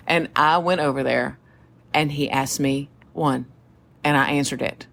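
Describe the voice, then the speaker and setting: Low-voiced Southern woman telling stories. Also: unhurried, vocal fry, slight background noise. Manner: animated, laughs often, acts out quoted voices. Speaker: podcast co-host. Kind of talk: casual storytelling chat.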